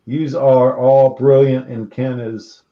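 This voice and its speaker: A man's voice: mid-range voice, level tone, slow. A man hosting a casual podcast chat, sassy and campy, swearing freely and reading out viewer comments. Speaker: podcast host. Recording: roomy, dull lo-fi audio.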